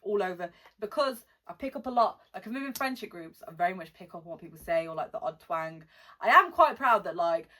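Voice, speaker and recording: A woman's voice: on the low side, expressive, bright, forceful tone. Young British woman vlogger, mixed Welsh and Midlands accent, blunt, slangy chat to camera. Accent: mixed British, Welsh-born with West Midlands and London touches. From born in Wales, lives in the West Midlands. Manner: chatty, blunt, slangy, reads questions aloud slowly. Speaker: rapper answering fan questions. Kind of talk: casual Q&A vlog.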